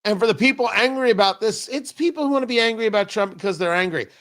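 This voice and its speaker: High-voiced sarcastic male radio host. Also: fast, a bit bright. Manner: sarcastic, riffing asides. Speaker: radio talk show host. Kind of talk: opinionated political commentary. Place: radio studio.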